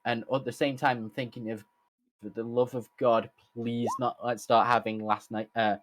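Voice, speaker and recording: A man's voice: mid-range voice, little pitch movement, moderate pace, background noise. A man playing a tabletop game, chatting casually and explaining his character's rules. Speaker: player.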